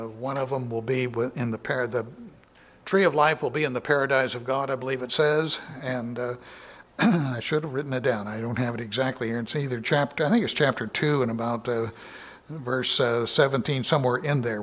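A man teaching from the Bible in a sermon, reading passages with lifted emphasis and then explaining them plainly. He talks in an unpolished, conversational way, with fillers and restarts, and clears his throat now and then. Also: medium pitch, fairly even intonation, moderate pace, a bit bright. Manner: reads scripture aloud with raised emphasis, then explains casually with fillers.

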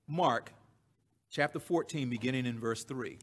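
A man's voice: medium pitch, measured pace. A man preaching a sermon, reading scripture aloud and repeating key phrases for emphasis.

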